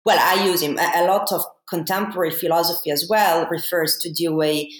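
Woman guest, low-set voice, measured and thoughtful, recorded with a roomy echo. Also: steady tone. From Italy. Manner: measured, thinks aloud with fillers. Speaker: guest academic. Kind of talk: explanatory interview talk. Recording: echoey room.

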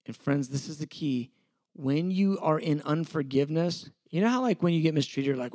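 A man's voice: fairly high pitch, expressive, normal speed, a little mellow, dry recording. A middle-aged man, preaching a sermon in an earnest, conversational way with repeated phrases. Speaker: pastor teaching a sermon.

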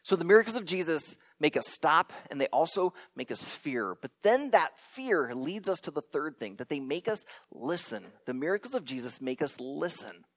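A man preaching a sermon, telling stories dramatically and dropping to hushed near-whispers for emphasis. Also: a little high, big pitch swings, normal speed, few pauses. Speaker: pastor.

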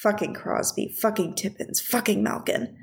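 A woman's voice: mid-range voice, normal speed, vocal fry, slightly rough. A woman voicing a foul-mouthed young male hockey goalie who mumbles and curses under his breath. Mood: frustrated.

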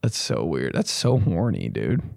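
A man's voice: huge pitch swings, unhurried, creaky, darkish tone, no room sound, clean studio sound. A young man hosting a comedy podcast, telling a rambling, profane story and jumping into silly voices. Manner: profane, rambling, acts out voices with big pitch jumps.

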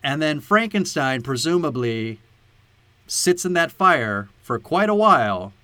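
A man co-hosting a casual movie podcast, his pitch swinging widely as he riffs. His voice is bright and sharp, recorded close and dry. He laughs and swears freely. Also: measured pace, no echo. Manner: animated, laughing, profane. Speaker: podcast co-host.

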